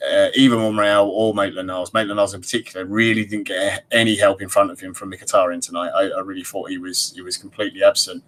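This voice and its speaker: A man hosting a casual podcast, talking in a measured way with frequent ums. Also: on the low side, fairly bright tone. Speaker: podcast host.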